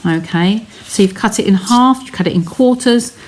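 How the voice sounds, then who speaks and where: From her home studio, a woman hosts a live craft stream, chatting with viewers as she explains each step. She speaks at normal speed with a medium-pitched voice, and background noise can be heard.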